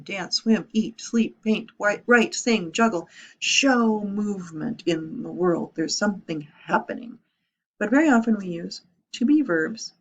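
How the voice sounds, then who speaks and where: A woman teaching a grammar lesson, lively, explaining step by step and asking rhetorical questions. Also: on the low side. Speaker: writing teacher.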